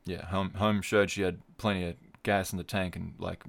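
A gravelly, low-pitched man delivers his solo podcast flatly at a moderate pace. Recapping fights, he keeps slipping in wry, rambling, jokey asides.

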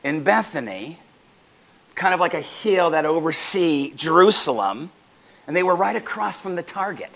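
A man pastor preaching a sermon to his congregation, animated and joking with them as he goes. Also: a little high, normal speed, creaky.

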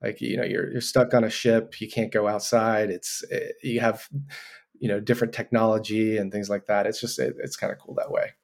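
Young adult man, laid-back podcast co-host, quick easygoing interjections. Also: fairly low pitch, creaky. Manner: relaxed, chiming in with quick remarks. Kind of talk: casual film discussion.

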